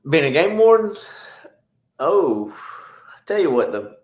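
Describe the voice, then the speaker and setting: A man's voice: a little high, big pitch swings, a little slow, reverberant. A man, a podcast guest who is a game warden, telling stories in easy, drawling casual chat and laughing often.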